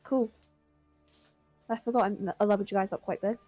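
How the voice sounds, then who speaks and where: A woman narrating as game master of an online tabletop game, giving brisk, matter-of-fact rulings. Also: mid-range voice, steady tone, dark tone, dry recording, faint music behind, poor audio.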